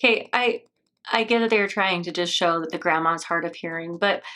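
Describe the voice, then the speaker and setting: A woman's voice: lowish voice, a little fast, bright, forceful tone. Rambling, laughing American woman. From United States. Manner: rambling, laughs often, sarcastic. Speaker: reaction video host. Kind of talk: casual commentary.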